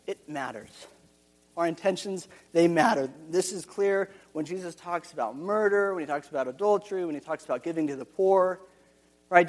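A man's voice: a little high, long reverb tail. A man preaching a sermon, earnest and repeating his key phrases, with frequent restarts.

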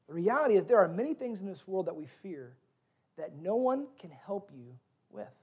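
A man's voice: sits high, husky. A man in his thirties preaching a sermon as pastor, telling stories with earnest, varied emphasis.

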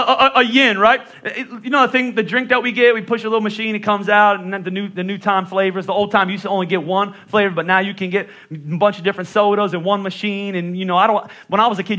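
A middle-aged male pastor from the Northeastern US, with a high, bright voice that carries well. He preaches in a loose, conversational way, joking with his congregation. His speech has a clear Northeastern accent. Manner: conversational and joking, with playful voice impressions. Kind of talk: sermon.

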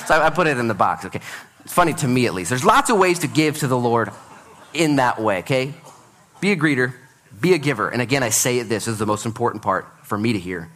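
A man's voice: medium pitch, fast talker. A man in his thirties preaching a sermon in a church, telling stories with jokes at his own expense. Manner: animated storytelling with self-deprecating jokes. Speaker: pastor. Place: church sanctuary.

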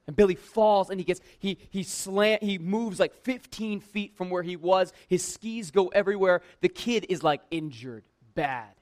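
High-voiced man telling a funny story. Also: normal speed, hardly any pauses. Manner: lively, conversational, heavy use of "like", self-mocking humor. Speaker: church worker telling a personal story. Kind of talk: casual personal storytelling.

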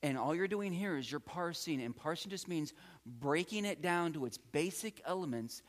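A man giving a patient, encouraging classroom lecture as a Greek teacher, often repeating key words. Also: a little high. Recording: long hall reverb.

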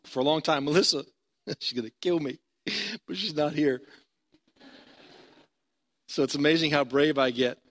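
A man's voice: high-pitched, bright, forceful tone. A male pastor preaching a sermon in a conversational storytelling manner, building to emphatic points.

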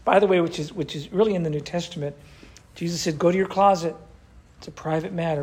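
A man's voice: fairly high pitch, fairly even intonation, quick pace, darkish tone. An older man, a pastor, teaching a church class in a conversational way and asking the group questions.

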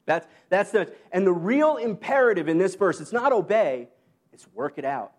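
A man with a high voice preaches a sermon in a loose, conversational way. He slips in self-deprecating asides and short laughs, and his voice climbs higher when he quotes the apostle. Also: expressive, normal speed. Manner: rises high when quoting Paul. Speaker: pastor.

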